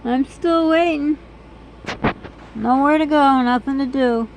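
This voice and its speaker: A hoarse woman vlogging in an earnest, rambling, chatty way. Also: high voice, takes it slowly, a little hiss or hum, rough recording. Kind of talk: casual vlog chat.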